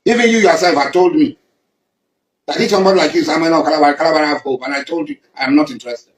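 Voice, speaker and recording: A man's voice: on the high side, reverberant, a little hiss or hum, low-quality recording. A Nigerian man giving an emphatic public statement, accusing and repeating himself for weight. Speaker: community leader.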